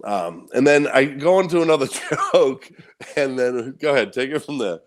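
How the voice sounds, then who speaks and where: A man's voice: mid-range voice, moderate pace. Laid-back comedian man, laughing easily. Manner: relaxed, laughs often, casual swearing. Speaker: stand-up comedian guest. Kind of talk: casual chat.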